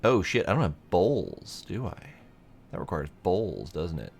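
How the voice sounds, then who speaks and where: A man's voice: deep voice, huge pitch swings, measured pace, gravelly, darkish tone, a little hiss or hum. A man giving casual let's play commentary, thinking aloud as he plays and swearing mildly now and then. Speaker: gameplay commentator.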